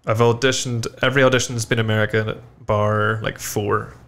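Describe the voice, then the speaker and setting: A man with a low, gravelly voice chats as a podcast guest, circling his thoughts with plenty of fillers and restarts. A faint hum of noise sits under the recording. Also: level tone, fairly bright tone. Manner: halting, with many restarts and filler words. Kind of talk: casual chat.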